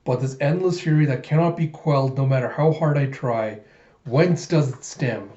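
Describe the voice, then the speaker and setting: A man voicing a furious, vengeful male samurai robot warrior in a grave, slow declaiming way. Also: medium pitch, warm tone, lightly acted. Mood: grim. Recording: roomy, muffled home recording.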